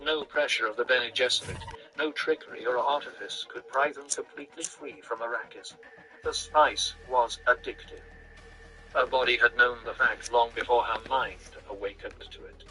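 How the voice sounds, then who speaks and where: Brief: male audiobook-style reader, crisp and bright, even delivery. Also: medium pitch, normal speed, soft background music, poor audio. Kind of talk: reading a novel aloud.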